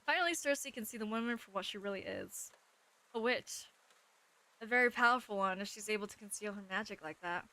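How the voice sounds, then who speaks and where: A woman's voice: mid-range voice, brisk, pushed and bright. A woman streamer reading a visual novel aloud, narrating in a playful way and often breaking off to comment on the text. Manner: playful, self-interrupting narration.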